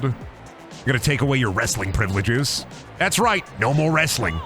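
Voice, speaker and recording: A man's voice: fairly low pitch, animated, a little fast, pushed and bright, faint music behind. A man streaming a game, rambling and joking about wrestling in casual commentary. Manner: rambling, jokey, riffs on wrestling bits. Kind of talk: casual let's-play commentary.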